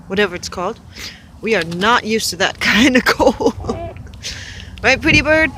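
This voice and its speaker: A woman's voice: fairly high pitch, expressive, moderate pace, sharp tone. Sing-song woman cooing to her goose. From Arizona. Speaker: pet goose owner vlogging. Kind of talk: casual chat to camera and pet. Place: outdoors on a windy day. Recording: wind noise outdoors. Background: wind gusts.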